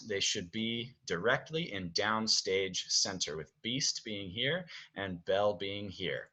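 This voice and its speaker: A man's voice: on the low side, animated, takes it slowly, sharp tone, lo-fi sound. A man directing actors from home, explaining stage blocking in a chatty way, often checking in with "okay?". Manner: chatty, keeps checking with "okay?", sings music cues. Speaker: theater director.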